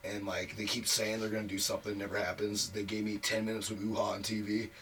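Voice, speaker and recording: A man's voice: fairly low pitch, level tone, quick pace, fairly bright tone, far from the mic. A man telling a long career story as an interview guest, frank and profane, packing his talk with "like" fillers. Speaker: wrestler guest. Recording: voice a bit off mic, faint noise.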